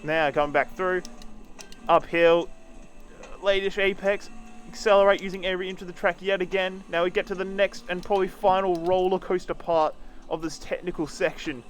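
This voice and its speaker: High-voiced man narrating his racing. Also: flat delivery, moderate pace. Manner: casual, swears, talks while driving. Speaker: streamer. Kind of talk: live sim-racing commentary.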